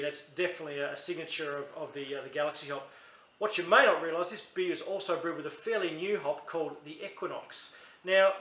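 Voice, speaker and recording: A man's voice: fairly high pitch, fairly bright tone, echoey room. An Australian man reviewing a beer in a casual, chatty, rambling way, often correcting himself mid-sentence.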